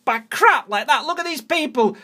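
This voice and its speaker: A man tearing into a government leaflet in a heated solo rant. His voice sits unusually high for a man. He keeps hammering his points with repeated, mocking questions, as if heckling someone who isn't there. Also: lively intonation, normal speed, sharp tone. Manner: sarcastic, repetitive, heckling an unseen opponent. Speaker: political video blogger. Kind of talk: angry political rant.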